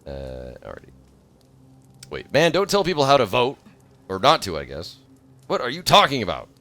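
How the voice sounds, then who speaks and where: A man in his thirties chatting casually on a livestream, rambling from thought to thought and bursting into excited shouts. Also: mid-range voice, moderate pace, soft background music. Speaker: streamer.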